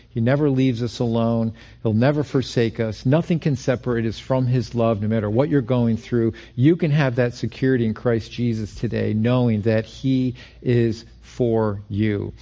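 A man pastor preaching a sermon, telling a humorous personal story with teasing asides and repeated phrases, his voice rising when he gets animated. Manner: rises in pitch and volume when animated.

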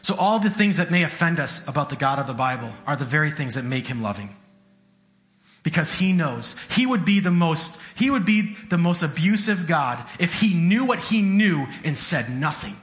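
High, bright-voiced male preacher. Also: sing-song, normal speed, faint music behind. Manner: earnest, conversational, repeats phrases. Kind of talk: sermon.

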